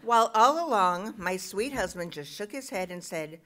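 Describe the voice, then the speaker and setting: A woman's voice: mid-range voice, lively intonation, normal speed, fairly bright tone, slight background noise. A middle-aged woman reading her own comic personal essay aloud at a live show, self-mocking with punchy timing.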